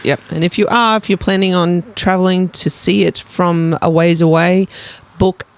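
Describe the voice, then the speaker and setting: A woman's voice: fairly low pitch, steady tone, normal speed. A woman co-hosting a casual podcast, chiming in with brief, chatty remarks. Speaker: podcast co-host.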